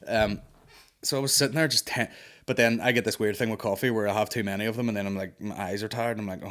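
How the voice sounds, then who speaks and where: A man's voice: on the low side, steady tone, fast talker, fairly bright tone. A man hosting a comedy podcast, telling a story in an exasperated, sweary ranting way. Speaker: podcast host. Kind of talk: comic storytelling rant.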